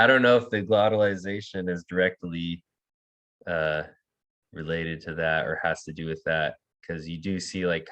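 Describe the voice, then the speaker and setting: A man leads an online language class, calling on students and repeating words for them. His voice sits very low and he speaks slowly, with plenty of hesitant fillers. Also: a bit bright. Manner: hesitant, many fillers and restarts. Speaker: language teacher.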